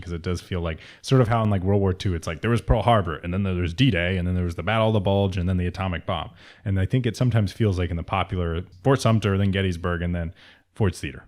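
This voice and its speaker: A man's voice: sits low, fast talker, darkish tone. A man co-hosting a casual history podcast, talking in a nerdy, joking way and laughing often. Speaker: podcast co-host.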